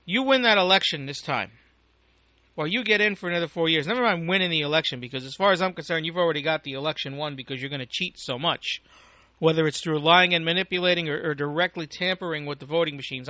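A man's voice: on the high side, fast talker, pushed and bright, dry recording. An American man giving an angry, profane, rambling political rant as a talk radio host, on a dull lo-fi recording. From United States.

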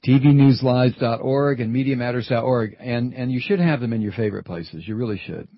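A man's voice: medium pitch, brisk, dry recording, dull audio. A middle-aged man hosting a radio talk show, rambling and wry, digressing between topics. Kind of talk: casual talk radio chat. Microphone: studio microphone.

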